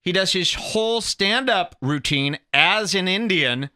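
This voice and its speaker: A man's voice: high voice, lively intonation, a little slow, sharp tone. A man hosting a podcast, giving heated, sarcastic commentary over clips and arguing his point indignantly. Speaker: podcast host.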